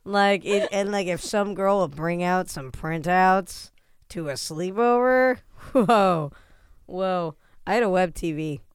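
A woman's voice: fairly low pitch, takes it slowly, clear, resonant tone. A woman in her thirties co-hosting a podcast, rambling in casual chat with lots of "like"s and laughing asides. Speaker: podcast co-host.

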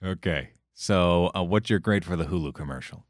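Low-voiced man, dry teasing host. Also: moderate pace, dry recording. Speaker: podcast host. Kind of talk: casual chat.

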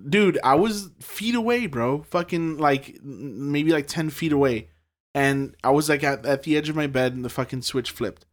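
A man's voice: mid-range voice, fairly even intonation, moderate pace. A young man telling a story in casual chat, rambling, with lots of fillers and swearing. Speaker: podcast guest telling a ghost story.

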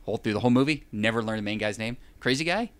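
A man's voice: fairly low pitch, very fast, fairly bright tone. A man in casual chat, recapping a film in a rambling way with wry, sarcastic asides.

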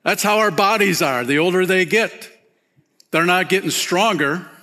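A pastor preaching a sermon, casual and animated, peppering his talk with "man" and "you know". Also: moderate pace. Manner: animated, rises high when excited, softens and drops low near the close.

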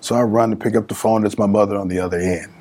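Husky middle-aged man telling a story. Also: on the low side, quick pace. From California. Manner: animated storyteller, acts out family voices. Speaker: guest, small business speaker. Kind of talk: storytelling in a casual interview.

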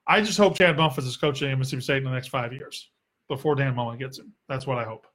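Speaking quickly in a mid-range, fairly bright voice, a young man with a Southern US accent runs a casual solo sports Q&A podcast. He is sarcastic and blunt, and he swears.

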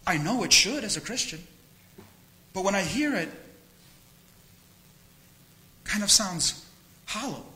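A man's voice: high-pitched, animated, moderate pace, pushed and bright, rough recording. A man preaching a sermon as pastor, earnest and candid, repeating phrases for emphasis. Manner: candid, self-disclosing.

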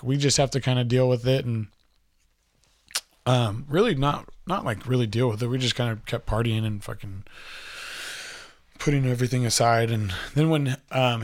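A young man recounts a personal story in casual, rambling speech. He leans on filler words and swears freely. His voice sits at an ordinary mid pitch.

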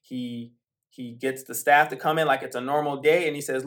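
A man talks football on his own podcast in a loose, rambling monologue. His voice is mid-pitched and ordinary, and his pace jumps between quick bursts and slow, drawn-out stretches. He keeps it casual, full of "um"s and side stories. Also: fairly even intonation, a bit bright. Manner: rambling, conversational, with frequent fillers and asides. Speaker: podcast host. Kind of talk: casual sports commentary monologue.

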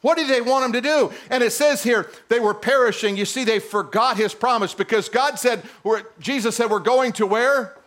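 A middle-aged male pastor preaching a sermon in a church, animated and teasing his congregation. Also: extremely high pitch, normal speed, hardly any pauses.

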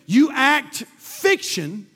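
A man's voice: very high voice, huge pitch swings, very slow, sharp tone, breathy edge, exaggerated voice. A male preacher voicing another preacher who earnestly asks why crowds stay away, in a reverberant church hall. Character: frustrated male preacher questioning an actor.

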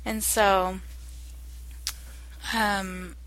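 A young adult woman in casual chat, talking slowly and hesitantly with many fillers. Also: mid-range voice, level tone, fairly bright tone, poor audio. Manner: slow, hesitant, lots of fillers.

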